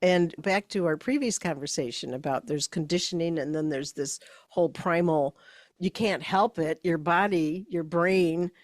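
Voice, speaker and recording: A woman's voice: lowish voice, moderate pace, no room sound, clean studio sound. A woman co-hosting a podcast about leadership, telling coaching stories in a reflective, conversational way. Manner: storytelling, reflective, quotes her own dialogue.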